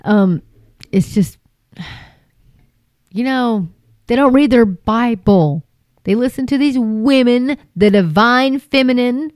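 A woman's voice: on the high side, slow, long pauses, a little mellow, dry recording. A woman host giving impassioned religious commentary, pleading urgently and mocking others in exaggerated voices. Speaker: Christian video host.

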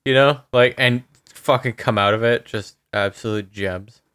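A man's voice: medium pitch, unhurried, fairly bright tone, clean tone. A man co-hosting a true-crime podcast in casual chat, laid-back and wry, swearing now and then. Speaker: podcast co-host.

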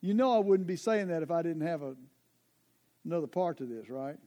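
A man's voice: a little high, animated, brisk, mellow. A man preaching a sermon in a conversational, emphatic way, often turning straight to his listeners.

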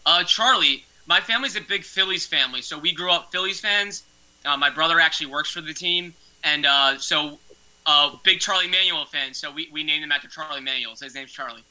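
A man's voice: a little high, a little fast, sharp tone, poor audio. A young man, a podcast guest, answering questions earnestly with hesitant fillers. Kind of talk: interview answers, casual chat.

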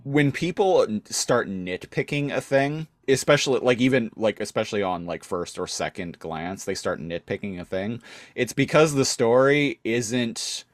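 A man's voice: mid-range voice, animated, normal speed, no echo, clean studio sound. A man co-hosting a podcast, recapping an episode in a rambling casual way. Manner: rambling, many fillers and restarts. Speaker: podcast co-host.

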